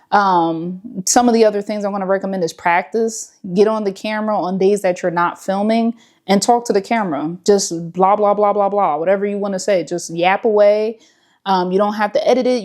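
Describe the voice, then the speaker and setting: A woman YouTuber sitting in front of her camera, chatting casually and relaxed with slang and fillers as she gives advice. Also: mid-range voice.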